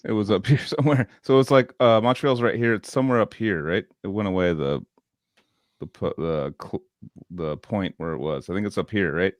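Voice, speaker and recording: A man's voice: low voice, brisk, dry recording, studio quality. A man hosting a podcast in a laid-back, joking casual chat. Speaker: podcast host.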